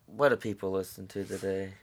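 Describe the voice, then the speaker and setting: A man's voice: low voice, fairly even intonation, a little fast. A man co-hosting a casual comedy chat, backing his partner eagerly and adding jokey details. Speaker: co-host pitching a movie idea.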